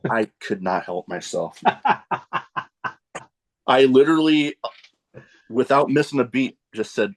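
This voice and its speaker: A man hosting a casual podcast chat, telling animated stories and laughing at his own jokes. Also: mid-range voice, slow, pauses often. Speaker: podcast host.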